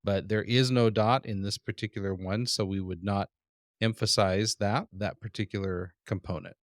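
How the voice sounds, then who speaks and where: A man teaching a language lesson, patiently pronouncing vocabulary words and repeating each one slowly. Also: on the low side, steady tone, dry recording, studio quality. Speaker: Hebrew teacher. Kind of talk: classroom lesson.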